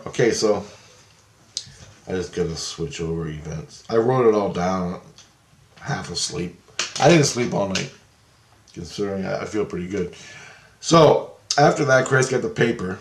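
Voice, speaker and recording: Guy with a lowish voice rambling thru a story, lots of restarts, echoey room. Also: normal speed, pauses often, a little hiss or hum. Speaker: vlogger. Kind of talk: casual storytelling monologue.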